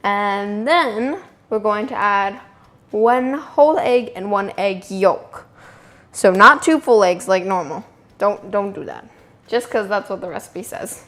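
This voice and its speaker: A young woman with a medium-pitched, fairly bright voice speaks slowly as she hosts a casual home baking tutorial. She chats and amuses herself while working in her kitchen.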